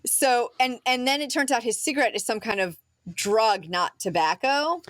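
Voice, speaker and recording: A woman's voice: fairly high pitch, moderate pace, no echo. A woman podcast host in casual chat, recapping a film scene by scene, with lots of "um" and "like". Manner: chatty storyteller with frequent "um" and "like".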